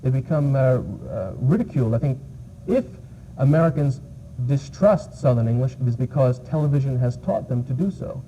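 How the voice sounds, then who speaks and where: Hesitant, mellow-voiced New Yorker. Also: male voice, medium pitch, lively intonation, normal speed. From New York. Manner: hesitant, many fillers. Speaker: English teacher, guest. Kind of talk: interview answers. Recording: muffled archival TV audio, faint hiss.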